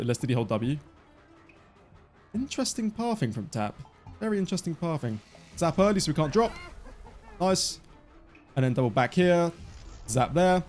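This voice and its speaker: A man in his twenties giving live, excitable commentary on his own gameplay as a streamer. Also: medium pitch. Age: 20s. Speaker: gaming streamer.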